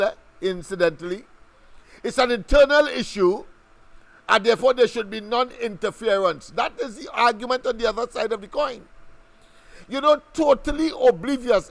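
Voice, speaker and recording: High-voiced measured talk radio host. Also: male voice. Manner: measured, professorial, with fillers. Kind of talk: political commentary.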